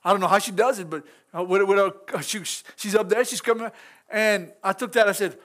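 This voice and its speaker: A middle-aged man with a strikingly high voice leads an informal church sermon. His delivery is folksy and chatty, dotted with chuckles, and he speaks directly to the people in the pews. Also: fairly even intonation, fairly quick, fairly bright tone. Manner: folksy, chuckling, talks straight to the congregation. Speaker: pastor.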